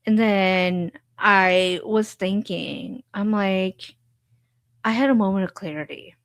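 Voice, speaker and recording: A woman's voice: mid-range voice, slow pace, no room sound, studio quality. A woman hosting a podcast, candidly telling her own story in an emotional, frank way full of fillers and repeats.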